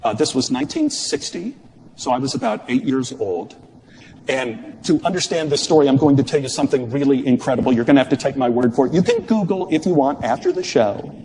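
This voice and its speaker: A man in his sixties from Dallas telling a personal story live on stage, with expressive, shifting pacing and wry humor. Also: mid-range voice, fairly quick, big-room sound, a little hiss or hum. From Dallas, Texas. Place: stage before an audience.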